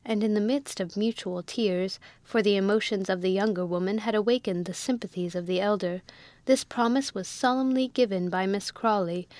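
A woman narrating a classic novel in a measured, even storytelling manner, close to the mic. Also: medium pitch, no room sound. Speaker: audiobook narrator.

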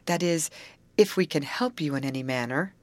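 A woman's voice: deep voice, normal speed, a little mellow, no echo, natural voice. A woman reading an audiobook, voicing a sensible teenage girl who leads her friends, speaking in a firm and bracing way. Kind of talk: audiobook character voice.

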